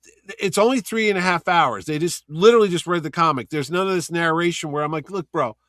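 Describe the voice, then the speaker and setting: A man co-hosting a casual chat, animated and acting out voices in his stories. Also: fairly high pitch, quick pace, no echo. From Connecticut. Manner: animated, acts out voices when retelling scenes. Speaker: podcast co-host.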